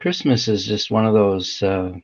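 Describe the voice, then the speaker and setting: A man who leads a small home church, speaking reflectively with many pauses and fillers. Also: lowish voice, a little mellow, highs cut off. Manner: hesitant, halting, many fillers. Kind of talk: reflective casual talk.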